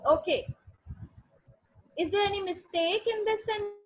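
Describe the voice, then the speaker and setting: A woman teaches a grammar class in a high, clear voice. She talks patiently, repeats each sentence and spells words out letter by letter. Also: a little slow, poor audio. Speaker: English teacher. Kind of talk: online grammar lesson.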